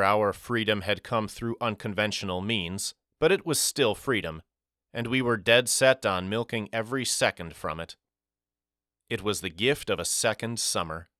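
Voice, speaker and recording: A man reading a novel aloud as a narrator, in a measured, reflective storytelling manner. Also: on the low side, pushed and bright, clean tone, no room sound, clean studio sound. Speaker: audiobook narrator. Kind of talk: scripted first-person narration.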